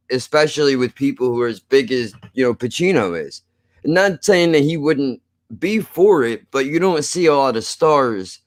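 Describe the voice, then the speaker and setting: A man with a New Jersey accent rambling and swearing freely while he co-hosts a casual film review chat. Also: mid-range voice. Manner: rambling, profane, laughs often. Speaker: film podcast co-host.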